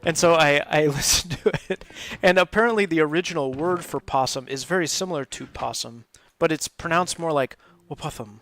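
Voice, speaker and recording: A man's voice: on the high side, brisk, hardly any pauses, fairly bright tone, a little hiss or hum. A man hosting a live game stream, chatting casually and rambling, often breaking into laughs. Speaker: host of a live gaming stream. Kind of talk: casual gameplay commentary.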